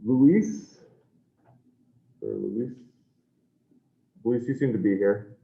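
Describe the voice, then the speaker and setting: A man with a fairly low, gravelly voice speaks extremely slowly while taking attendance for his online class. He sounds scattered, apologetic and self-correcting, and the video call audio is tinny.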